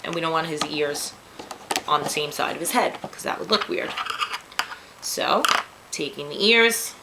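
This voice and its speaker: A woman's voice: deep voice, a little slow, very noisy. A woman with a New York accent giving a casual step-by-step craft tutorial, chatty and joking at her own slips. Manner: chatty, self-deprecating asides.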